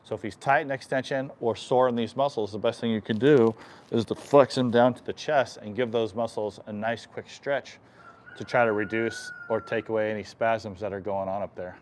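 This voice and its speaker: A man working as an equine chiropractor, explaining stretches on a live stream while softly soothing the horse and often clearing his throat. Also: lowish voice, steady tone, normal speed, slight background noise. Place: horse stall in a stable.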